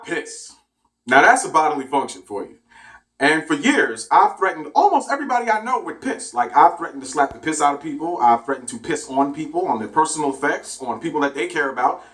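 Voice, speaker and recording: A man's voice: a little high, brisk, recorded from a distance. A man who drives for a rideshare service tells a comedic story in an exaggerated, profane way. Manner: animated, profane, exaggerated retelling. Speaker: rideshare driver telling stories.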